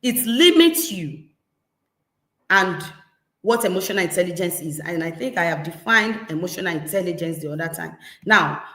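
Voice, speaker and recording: A woman with a Nigerian accent, a parenting coach giving a lively talk and acting out scolding parents. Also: on the low side. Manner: animated, acts out scolding parents. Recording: echoey room.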